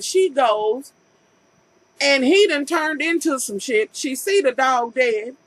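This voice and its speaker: A woman's voice: high-pitched, animated, measured pace, a bit bright, no room sound, poor audio. A woman vlogger recapping a TV episode in a casual, profane rant, acting out scenes with incredulous commentary.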